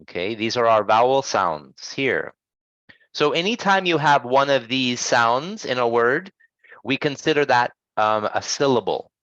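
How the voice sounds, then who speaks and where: A man runs a pronunciation lesson and patiently corrects his students. He models each sound slowly and clearly. The recording is dull and lo-fi, and very dry. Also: medium pitch, expressive, fairly bright tone, no echo. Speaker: English pronunciation teacher. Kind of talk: online language lesson.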